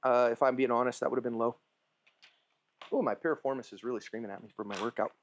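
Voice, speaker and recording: Heavy background noise surrounds a fast-talking man with a mid-range voice and steady tone. He's giving relaxed, informal gun instruction at a range, checking in constantly with "okay?" and "right?"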